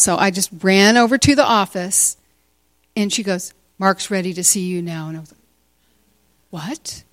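A woman in her sixties telling a personal story to a church gathering, animated and often laughing. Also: medium pitch, dry recording. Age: 60s. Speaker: teacher speaking at a church retreat.

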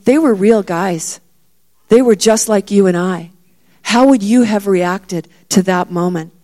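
A woman's voice: medium pitch, unhurried, warm tone. Woman preacher, middle-aged, storytelling sermon, acts out voices with growing emphasis. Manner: storytelling, acts out the disciples' lines with rising emphasis.

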